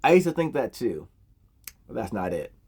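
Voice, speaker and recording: A man's voice: mid-range voice, big pitch swings, moderate pace, darkish tone, husky. A man voicing a laid-back ninja mentor. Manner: casual, slangy, easygoing.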